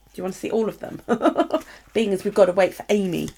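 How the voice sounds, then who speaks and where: Middle-aged british woman on a craft live stream, heavy vocal fry, chatty and gushing. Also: medium pitch, fairly quick, a little mellow. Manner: chatty, gushing over craft supplies, talks to viewers. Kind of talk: casual chat while unboxing.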